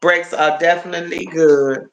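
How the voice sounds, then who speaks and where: A man's voice: on the high side, fairly even intonation, normal speed, vocal fry, reverberant. A man hosting a casual live stream, chatty and tired, repeating himself and calling his viewers y'all. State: tired and achy. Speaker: livestream host.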